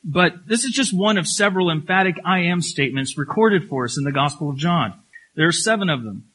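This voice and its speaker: A man preaching a sermon. He talks emphatically, repeats key phrases, asks rhetorical questions and slows down when he reads scripture. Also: a little high, animated, pushed and bright, poor audio. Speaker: pastor.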